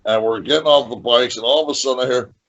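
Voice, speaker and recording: Gravelly male wrestler telling a story. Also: mid-range voice, fast talker, lo-fi sound. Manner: lively storyteller who repeats phrases. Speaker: guest, professional wrestler. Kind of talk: storytelling in a podcast interview.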